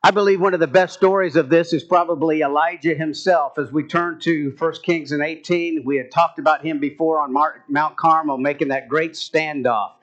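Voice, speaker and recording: Male preacher, sermon, emphatic rising delivery, fairly high voice, dull muffled recording. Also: fairly even intonation, moderate pace, few pauses, fairly bright tone. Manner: preaching with rising, emphatic bursts and quoted scripture.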